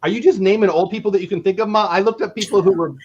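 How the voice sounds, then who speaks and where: Man in his fifties, stream host, somewhat high voice, rambling, dull lo-fi sound. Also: fairly even intonation, rapid-fire, darkish tone. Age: 50s. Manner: rambling, repeats words, laughs often. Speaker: livestream host. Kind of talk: casual video chat.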